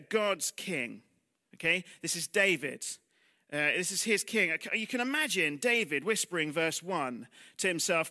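Guy preaching in church, high bright voice, chatty, keeps asking the room questions, goes quiet and low on the heavy bits. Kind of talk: sermon.

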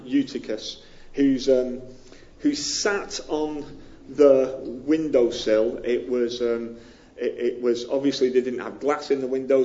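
A pastor with a northern English accent from near Liverpool gives a sermon in a chatty, self-deprecating way, with many ums. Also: male voice, mid-range voice, dark tone, lo-fi sound. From northern England.

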